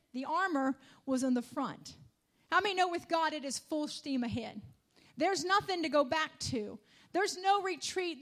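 A woman preaching a church sermon, calling out hallelujahs and asking the congregation to respond, building to emphatic declarations. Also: high voice. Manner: call-and-response with frequent hallelujahs.

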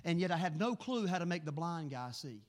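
A middle-aged man preaching a sermon, telling animated stories in a quick, excitable way. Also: a little high. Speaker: pastor.

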